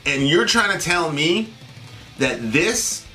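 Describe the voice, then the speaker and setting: A man's voice: a little high, big pitch swings, takes it slowly, pushed and bright, soft background music. A man co-hosting a political talk show, venting in indignant, sarcastic bursts. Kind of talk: heated political commentary.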